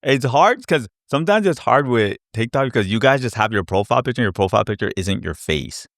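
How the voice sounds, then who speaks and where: A man hosting a casual live Q&A stream, chatty and animated, acting out his past reactions with little sound effects. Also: mid-range voice, quick pace, no echo, studio quality. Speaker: crypto educator hosting a live Q&A. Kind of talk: casual livestream chat.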